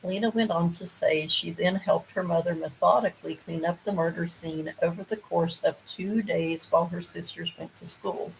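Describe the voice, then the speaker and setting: A woman's voice: on the low side, fairly even intonation, normal speed, creaky, hardly any pauses, slight background noise, low-quality recording. A woman hosting a casual true crime show, reading from news articles and adding her own asides and opinions. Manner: casual, digressive, with frequent ums and asides. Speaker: true crime podcast host.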